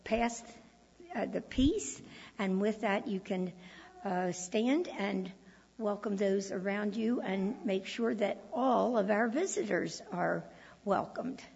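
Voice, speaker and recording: A woman leads a church service, making relaxed announcements and joking lightly. Her voice is gravelly with a muffled tone. A long church reverb and faint room ambience sit behind her. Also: medium pitch, slow, a little hiss or hum. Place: church sanctuary. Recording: echoey church hall, dull lo-fi sound.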